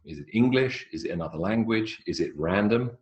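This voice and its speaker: A man's voice: on the low side, expressive, brisk, a little mellow. A man giving a live online English pronunciation lecture in a chatty, explanatory way. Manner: chatty, explanatory, stretches words for emphasis.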